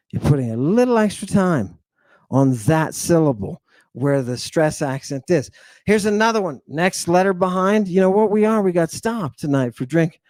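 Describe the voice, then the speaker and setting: A man giving an animated, playful language lesson, slowly repeating words for his students to drill. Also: a little high, dry recording. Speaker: teacher.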